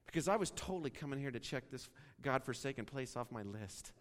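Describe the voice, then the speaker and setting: A man's voice: medium pitch, fairly quick. Man telling a story in a reverberant hall. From Wyoming. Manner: animated storyteller acting out dialogue. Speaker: pastor. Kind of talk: sermon storytelling. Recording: long reverb of a large hall.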